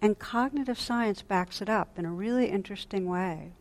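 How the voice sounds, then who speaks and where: A woman meditation teacher giving a dharma talk at a retreat, speaking gently and reflectively, often dropping to a soft hush, and pausing to restart her sentences. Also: mid-range voice. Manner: pauses and restarts mid-sentence.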